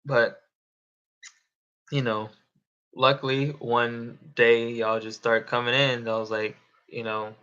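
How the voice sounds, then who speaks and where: A man's voice: medium pitch, level tone, takes it slowly, long pauses, sharp tone, clean tone, muffled recording. A young man chatting casually on a live stream, rambling and swearing, often laughing. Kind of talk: casual livestream chat.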